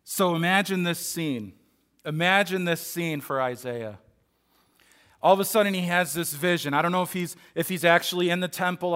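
Male pastor, fairly high, bright tone, earnest conversational sermon. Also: clear, resonant tone. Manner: earnest, conversational preaching with frequent restarts.

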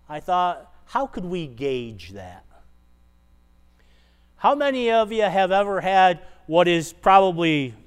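A man's voice: high-pitched, fairly bright tone, smooth. A man preaching a sermon, retelling a scripture passage conversationally and asking the congregation rhetorical questions. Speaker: pastor.

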